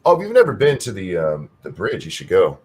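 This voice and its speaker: A man's voice: low voice, wildly swooping pitch, fast talker, a little mellow, husky. A man from Michigan co-hosting a live stream, talking bluntly and casually and swearing now and then. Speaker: co-host.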